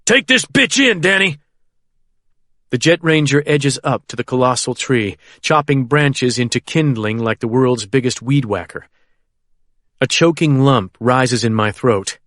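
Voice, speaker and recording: Male audiobook narrator, steady and measured, medium pitch, dry booth. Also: dry recording. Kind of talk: first-person thriller audiobook narration.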